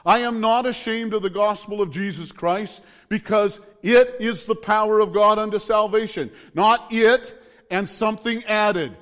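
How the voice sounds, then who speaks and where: A middle-aged male preacher with a high voice delivers a fervent sermon in repeated declarations. His voice rings out with a long reverb behind it. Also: measured pace, fairly bright tone.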